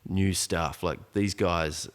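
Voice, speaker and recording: A man's voice: low voice, fairly even intonation, slow pace, clean tone. A man voicing a nervous young woman alone on a late-night train, muttering anxiously. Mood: panicky. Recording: long reverb, echoey room.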